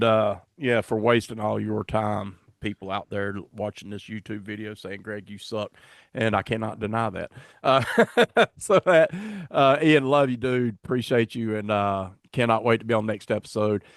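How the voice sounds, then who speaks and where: A man's voice: lowish voice, moderate pace, dry recording, studio quality. A man hosting a podcast in casual chat, rambling and self-deprecating as he fumbles along. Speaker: podcast host.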